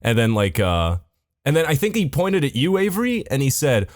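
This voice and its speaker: A man's voice: sing-song, moderate pace, dry recording, clean studio sound. A man in casual podcast chat who jokes and swears freely. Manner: joking, swears freely, wide swings in pitch.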